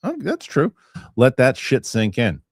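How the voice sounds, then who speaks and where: A man hosting a casual chat show, animated and a little profane, his pitch jumping all over as he reads out viewer comments. His voice sits at an ordinary middle pitch and sounds close and dry. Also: breathy edge, no room sound. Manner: animated, swearing, quick asides. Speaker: show host.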